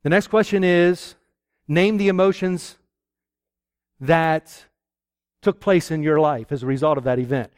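A man preaching a sermon to a live audience, lively and acting out little exchanges between husband and wife. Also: a little high, unhurried, long pauses, smooth, no room sound, clean studio sound.

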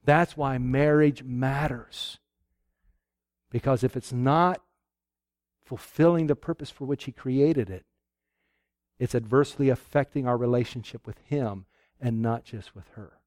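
A man from Pennsylvania preaching a folksy, animated sermon and asking his listeners questions. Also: mid-range voice, unhurried, long pauses, no echo, clean studio sound.

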